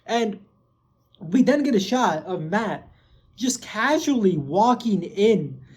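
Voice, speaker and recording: A man's voice: high voice, slow, breathy edge. A man casually recapping a TV episode, rambling with lots of filler words and swearing. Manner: gets excited and loud when hyping. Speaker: show recap host.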